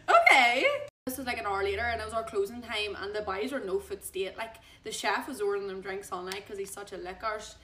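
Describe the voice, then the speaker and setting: A young Irish woman telling a gossipy story while getting ready, chatty and animated, recorded on a phone at home. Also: quick pace, few pauses. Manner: chatty, animated gossip with big pitch swings. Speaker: vlogger. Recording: echoey room.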